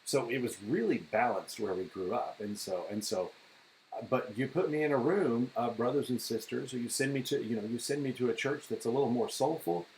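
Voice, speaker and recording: A man's voice: medium pitch, a little fast, darkish tone, slight background noise, poor audio. A middle-aged man chatting on a podcast, an enthusiastic storyteller who repeats words as he starts his sentences. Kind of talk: casual podcast chat.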